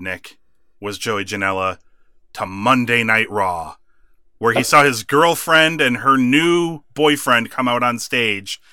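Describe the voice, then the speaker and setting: A man's voice: medium pitch, sharp tone, no echo, studio quality. A man co-hosting a podcast, animatedly recapping a wrestling show in casual chat and laughing often. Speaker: podcast co-host.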